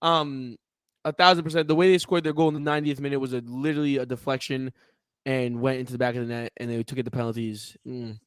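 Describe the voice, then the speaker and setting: Guy co-hosting a sports podcast, smooth clear voice, dry close sound, joking around with lots of ums. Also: medium pitch, fast, no room sound. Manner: animated, jokey, hesitant with fillers. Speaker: podcast co-host. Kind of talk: casual sports chat.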